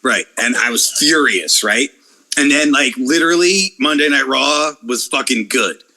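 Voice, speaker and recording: A man's voice: mid-range voice, measured pace. A man talking in a casual podcast chat, ranting and swearing freely about online critics. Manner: profane, animated, ranting. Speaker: wrestling YouTuber guest.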